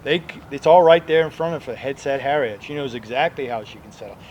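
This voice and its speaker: A man, a debt defense lawyer, giving emphatic, conversational legal advice with loud asides, with faint outdoor traffic noise behind. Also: mid-range voice, quick pace. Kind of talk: explanatory legal advice video.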